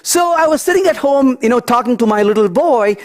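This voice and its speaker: Animated man giving a coding talk. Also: very high voice, fairly quick. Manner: animated, storytelling asides, thinks aloud. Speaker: conference speaker. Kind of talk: technical talk with live coding.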